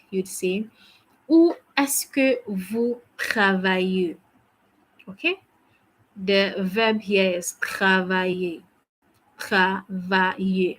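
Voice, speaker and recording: A woman's voice: medium pitch, breathy edge, low-quality recording. A woman teaching a French lesson, patiently drilling phrases and praising each answer. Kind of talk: language lesson.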